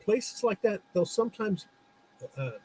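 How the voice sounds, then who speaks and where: A middle-aged man with a slightly high, husky voice tells stories from his old comic shop in a relaxed, chatty way. He laughs often as he talks. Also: unhurried, low-quality recording. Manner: laughs often while telling anecdotes. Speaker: comic shop owner turned podcast host. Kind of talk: casual storytelling chat.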